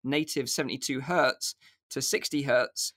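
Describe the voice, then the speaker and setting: A man's voice: medium pitch, steady tone, a little slow, a bit bright, no echo, studio quality. A man hosting a casual podcast about VR news, chatty and filler-heavy. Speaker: podcast host.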